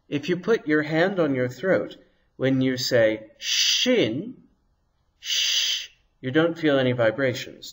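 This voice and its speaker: A man's voice: mid-range voice, a bit bright, rough recording. A man teaching a recorded language lesson, explaining patiently and sounding out consonants to demonstrate them.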